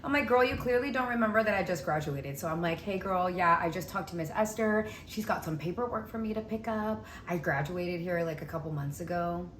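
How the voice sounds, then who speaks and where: Chatty young woman vlogger, animated storyteller who acts out quotes; echoey room, faint hiss behind. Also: on the low side, fairly quick, hardly any pauses. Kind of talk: casual storytelling vlog.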